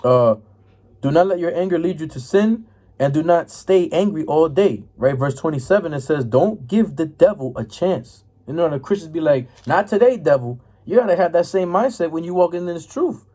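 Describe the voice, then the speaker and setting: A man's voice: fairly high pitch, dark tone. A man giving an informal scripture lesson, reading verses and explaining them in a casual, repetitive way, often checking in with "right?" and "man". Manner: casual, repeats "right?" and "man", stumbles while finding verses. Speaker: religious teacher.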